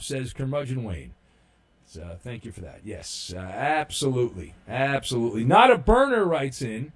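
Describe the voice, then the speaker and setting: A man's voice: medium pitch, animated, normal speed. A man hosting a sports talk show, reading listener messages in a rambling, casual way with many fillers and restarts, and a dry, sarcastic humor.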